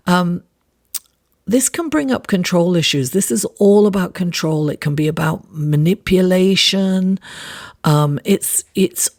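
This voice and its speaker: A woman with a raspy, gravelly voice takes her time through a weekly horoscope and tarot reading. She is a little under the weather. Her delivery is unhurried and thoughtful, full of fillers and restarts. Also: lowish voice, a little mellow. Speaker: astrologer and tarot reader.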